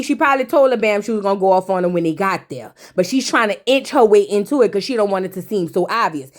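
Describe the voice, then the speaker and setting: A woman's voice: medium pitch, lively intonation, fast talker. A woman recapping a reality TV episode in casual, sassy commentary, slangy and talking back to the people on screen.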